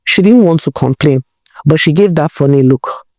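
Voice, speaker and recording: A woman narrating a folk tale in a conversational, expressive way. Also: deep voice, moderate pace, no room sound, clean studio sound. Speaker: storyteller.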